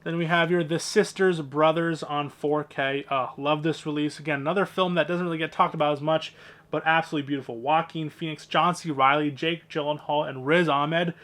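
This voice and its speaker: A man's voice: fairly high pitch, steady tone, a little fast, fairly bright tone. Rambling man showing off his movies. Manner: rambling and offhand, with fillers and profanity. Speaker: movie collector vlogger. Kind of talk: casual collection walkthrough.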